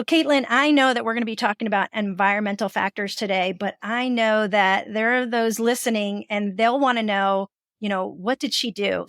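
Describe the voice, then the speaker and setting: A woman's voice: mid-range voice, fairly bright tone, no room sound, studio quality. A woman hosting a podcast interview, affirming her guest and asking encouraging questions. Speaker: podcast host. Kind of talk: casual interview talk.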